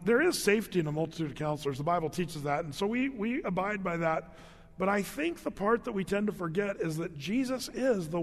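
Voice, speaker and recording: A man's voice: sits high, long reverb tail. A middle-aged man preaching a conversational sermon as pastor, with joking asides and repeated words.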